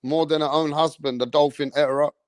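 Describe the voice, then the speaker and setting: High-voiced man telling rambling stories. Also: brisk, no echo, clean studio sound. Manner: animated, swears a lot, tags lines with "bruv". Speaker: live stream host. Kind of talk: rambling storytelling.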